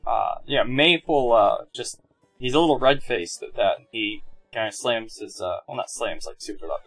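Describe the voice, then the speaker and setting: A man playing a tabletop game, describing his character's actions in a halting way with many fillers. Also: medium pitch, fairly bright tone, soft background music. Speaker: tabletop player.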